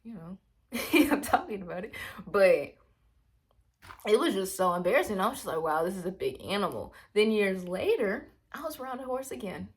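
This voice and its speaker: A woman vlogger casually telling a rambling personal story, acting out her own reactions in hushed asides. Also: medium pitch, normal speed. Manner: animated, rambling, quotes herself in hushed asides.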